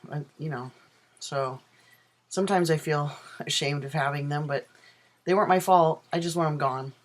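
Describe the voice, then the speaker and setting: A transgender man vlogs from his own apartment in a casual video diary, rambling with many ums and self-corrections. His voice is fairly high, his pace moderate, and the recording quality is low.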